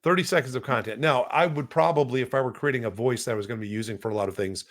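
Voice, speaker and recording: A man co-hosting a podcast, chatting casually through a software demo with lots of fillers. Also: mid-range voice, racing. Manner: rambling, many fillers. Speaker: podcast co-host.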